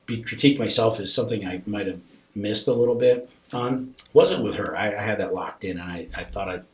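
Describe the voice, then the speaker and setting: Low-voiced man telling a heartfelt story. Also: a little fast, echoey room. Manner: earnest, emotional storytelling, often dropping to a hushed near-whisper. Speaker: podcast guest. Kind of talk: podcast conversation.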